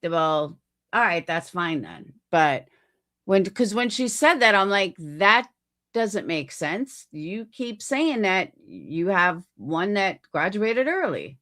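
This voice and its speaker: Woman picking apart a clip, sarcastic and mocking, pitch jumps all over. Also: sing-song, slow pace, fairly bright tone. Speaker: commentary host. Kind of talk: reaction commentary on a clip.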